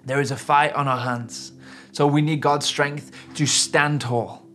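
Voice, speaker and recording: A man's voice: a little high, fairly even intonation, measured pace, bright, forceful tone. A man preaching a sermon in an earnest, emphatic way. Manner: earnest, emphatic preaching with rising and falling intensity. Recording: faint music underneath.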